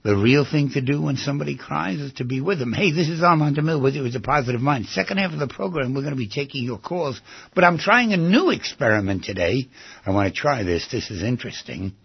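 A man's voice: medium pitch, expressive, fast, vocal fry, breathy edge, no echo, muffled recording. A man hosting a radio talk show as a psychotherapist, talking in a rambling, conversational way and repeating himself.

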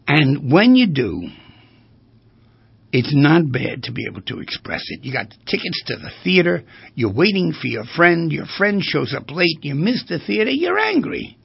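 Male therapist giving a lecture-style talk, raised pitch, gravelly and husky, quite dry audio. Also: normal speed, no echo. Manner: animated, asks rhetorical questions. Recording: dull lo-fi recording.

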